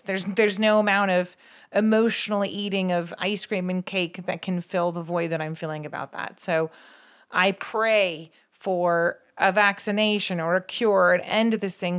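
A woman's voice: on the low side, clear, resonant tone. A woman in her forties talking with her partner, emotional and open, close to tears. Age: 40s. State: tearing up. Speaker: podcast co-host. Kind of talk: heartfelt conversation.

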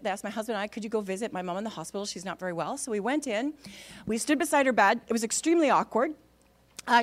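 A middle-aged woman telling a personal faith story in an expressive, animated way. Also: fairly high pitch.

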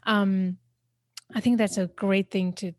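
A woman's voice: mid-range voice, steady tone, unhurried, no room sound. A woman hosting a podcast interview, encouraging and affirming her guest. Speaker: podcast host.

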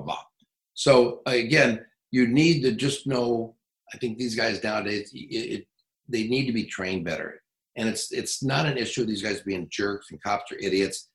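A middle-aged man working as a police trainer, telling stories in an interview in a blunt, profane, animated way. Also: on the low side, echoey room, rough recording. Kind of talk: casual interview storytelling.

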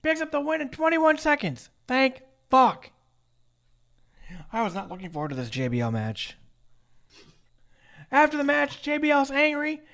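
A man's voice: extremely high pitch, normal speed, creaky, long pauses. A man co-hosting a casual podcast, wryly recapping a wrestling show. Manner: wry, joking, lively. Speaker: podcast co-host.

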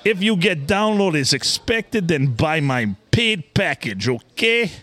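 A man voicing a pushy male spam podcast promoter in a put-on Russian accent, reading slowly in broken English. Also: big pitch swings, bright, forceful tone, no room sound, heavily acted. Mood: pushy salesy. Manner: broken English, slow, salesy pitch.

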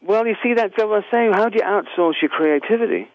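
An English man answering interview questions in a halting, rambling way, full of restarts. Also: high voice, dry recording, narrow, tinny audio. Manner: halting, many restarts and fillers. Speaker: musician guest.

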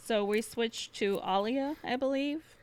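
A woman's voice: a little high, measured pace, darkish tone, clear, resonant tone. A woman co-hosting a casual book discussion podcast, chiming in with jokes and laughing often. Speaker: podcast co-host.

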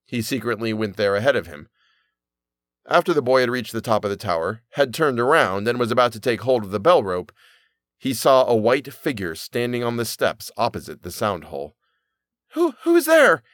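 A man narrating a fairy tale in an animated storybook reading. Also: mid-range voice, brisk, no echo, clean studio sound.

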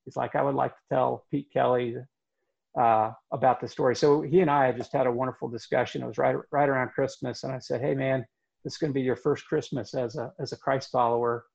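A man telling a story in conversation, earnest and halting, with many fillers. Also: medium pitch, fairly even intonation, gravelly, darkish tone, husky, muffled recording.

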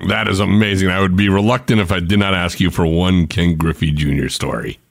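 Male host, very low voice, upbeat casual chat, dry close mic. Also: fairly even intonation, brisk, vocal fry, no room sound. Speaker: podcast host.

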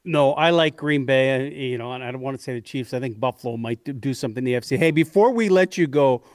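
Man, quick talker, dry studio sound, radio co-host. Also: medium pitch, no room sound. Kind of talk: casual radio sports chat.

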